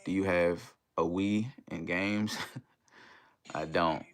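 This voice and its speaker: A man hosting a casual livestream in a relaxed, easygoing way, reading viewer comments aloud and greeting them. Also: deep voice, slow, soft background music. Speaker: livestream host.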